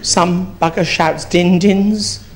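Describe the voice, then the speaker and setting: A man's voice: high voice, fairly even intonation, slow pace. A man playing a brash, gossipy old East End woman, telling rambling, bawdy stories on a theatre stage. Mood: chatty. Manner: bawdy, rambling storytelling with swearing. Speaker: comedian in drag character. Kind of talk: live stand-up character comedy.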